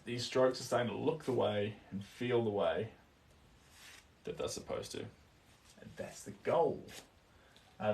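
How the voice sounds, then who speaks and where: A man's voice: medium pitch, vocal fry, darkish tone, far from the mic, slight background noise. A man with a New Zealand accent chatting casually on a live stream while he paints. He murmurs to himself about his strokes and stops now and then to answer viewer comments.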